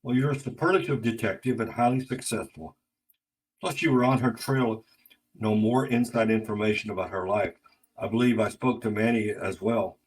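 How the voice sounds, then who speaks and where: A man voicing a formal, courteous gentleman of about forty who apologizes for imposing, in a spoken story. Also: fairly low pitch, moderate pace, close to an everyday voice, poor audio.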